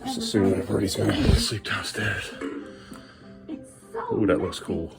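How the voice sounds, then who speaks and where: A man's voice: fairly low pitch, wildly swooping pitch, measured pace, vocal fry, over loud music. A man filming a casual home vlog, coaxing his small son along and chatting to the camera at home at night. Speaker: father filming his family.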